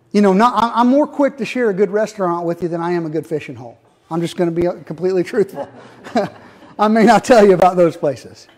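High-voiced folksy pastor. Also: male voice, darkish tone. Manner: folksy, jokes with the congregation. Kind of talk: sermon.

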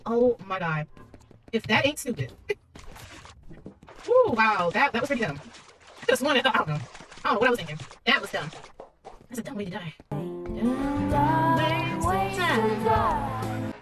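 A woman's voice: on the high side, sing-song, a little fast, pauses often, fairly bright tone, faint music behind. A woman giving casual, chatty commentary while streaming a horror shooter, talking back to the game and her friends.

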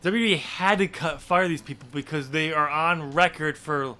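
A man's voice: a little high, moderate pace, sharp tone. A man co-hosting a casual wrestling podcast, matter-of-fact, adding details and correcting his partner. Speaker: podcast co-host.

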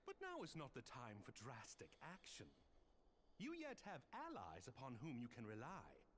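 A gallant, courtly noble knight. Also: male voice, medium pitch, wildly swooping pitch, normal speed, fairly bright tone, slight background noise. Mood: courteous. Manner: formal courtly speech. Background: game music.

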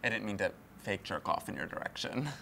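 A woman playing a gossipy, very low-voiced office mentor. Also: animated, brisk, gravelly, bright, forceful tone, a little hiss or hum, heavily acted. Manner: gossipy, whispers asides, laughs often. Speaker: veteran telemarketer mentoring a new hire. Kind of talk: comedy audio drama acting.

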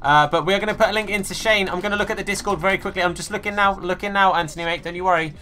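A young man streaming a football game live, shouting at the match and chatting casually with his viewers. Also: high-pitched, steady tone, very fast, a little hiss or hum. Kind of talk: live gameplay commentary.

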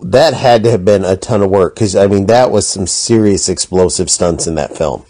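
A male interview host with a low, mellow voice, asking relaxed questions. He drops casual opinions between them. The sound is dry. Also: normal speed, dry recording. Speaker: podcast host.

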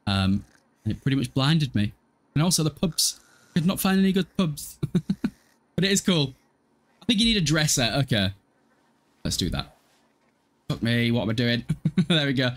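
A man's voice: mid-range voice, very animated, moderate pace, pauses often. A man in his twenties casually commentating a life-sim game live, chatty, swearing freely and answering chat. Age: 20s. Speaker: game streamer.

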